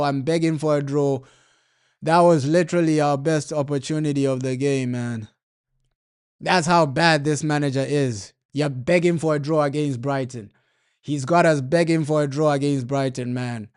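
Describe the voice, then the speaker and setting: A man's voice: fairly high pitch, clean tone. Slangy man ranting over a live match. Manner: slangy, repetitive, frustrated ranting. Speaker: football watchalong streamer. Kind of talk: casual live match commentary.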